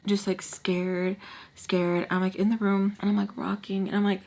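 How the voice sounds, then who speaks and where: A woman's voice: mid-range voice, moderate pace, slight background noise. Woman, young adult, chatty storyteller, slips into whispers. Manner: chatty, animated, often drops to a whisper. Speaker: storytime vlogger. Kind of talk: casual storytelling.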